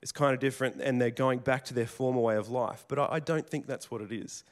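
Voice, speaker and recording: A man's voice: mid-range voice, fairly even intonation, fast talker. A man preaching a sermon in a conversational storytelling way, with casual restarts and asides. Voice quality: plain working tradesman's speech.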